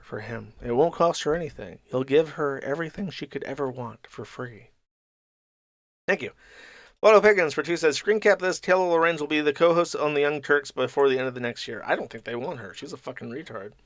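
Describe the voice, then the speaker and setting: A man's voice: medium pitch, fairly bright tone, dry recording, studio quality. A man hosting a livestream, reading paid donations aloud and answering them with mocking, profane commentary. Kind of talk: casual commentary stream.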